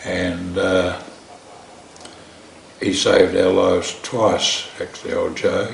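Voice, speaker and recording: A man's voice: deep voice, little pitch movement, slow, vocal fry. An older man with an Australian accent, telling earthy, drily humorous stories about his winemaking years. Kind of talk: anecdotal storytelling. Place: large home kitchen. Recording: roomy kitchen echo, faint hiss.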